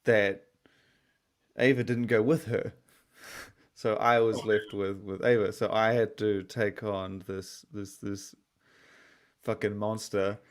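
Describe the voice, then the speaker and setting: A man's voice: fairly low pitch, level tone, slow. A young adult man co-hosting a podcast, telling a story in a rambling, profane way and sounding tired. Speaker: podcast co-host. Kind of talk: casual podcast chat.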